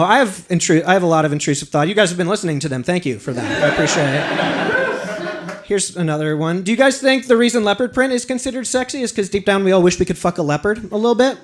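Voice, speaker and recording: Male stand-up, high and bouncy pitch, rambling and self-deprecating, loud noise under the set. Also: animated, quick pace. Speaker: stand-up comedian. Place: small apartment with a live audience. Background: audience laughter.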